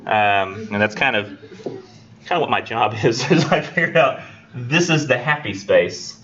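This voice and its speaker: A man's voice: medium pitch, expressive, unhurried, a bit bright. A man, an English instructor giving a casual, rambling classroom lecture, joking and acting out his students. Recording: dull lo-fi classroom recording.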